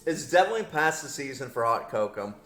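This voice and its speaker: A man's voice: medium pitch, big pitch swings, fast, a bit bright, faint music behind. A man casually commentating his strategy game with his headset on, rambling and correcting himself, laughing often. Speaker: gameplay commentator. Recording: roomy echo.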